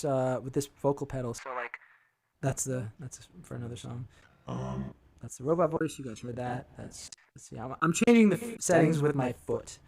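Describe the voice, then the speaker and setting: A man hosting a casual music livestream, chatting in a relaxed, rambling way and interrupting himself as he adjusts his pedals. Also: medium pitch. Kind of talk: casual livestream chat between song demos. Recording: loud music under the voice. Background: guitar playing.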